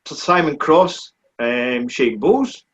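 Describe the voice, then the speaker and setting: A man in his forties with a Scottish accent, a speedway rider answering questions in a relaxed, plain-spoken way during a live online chat. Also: medium pitch, extremely slow, slight background noise. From Scotland. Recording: dull, muffled lo-fi stream audio.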